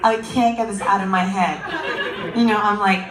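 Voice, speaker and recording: A woman's voice: mid-range voice, steady tone, moderate pace, far from the mic. A young adult woman doing a stand-up comedy set, telling stories animatedly and putting on the voices of kids and friends. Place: comedy venue with audience. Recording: echoey live venue, crowd noise.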